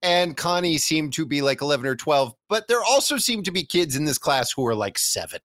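A man's voice: fairly high pitch, very animated, fairly quick, fairly bright tone, dry recording. A man co-hosting a casual movie podcast, recapping scenes in a jokey way and acting out characters. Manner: jokey, acts out characters in silly voices. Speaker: podcast co-host.

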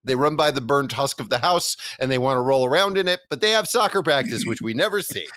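A man's voice: mid-range voice, fast, fairly bright tone, no echo. A man co-hosting a casual movie podcast, recapping scenes in a jokey way and acting out characters. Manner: jokey, acts out characters in silly voices. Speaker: podcast co-host.

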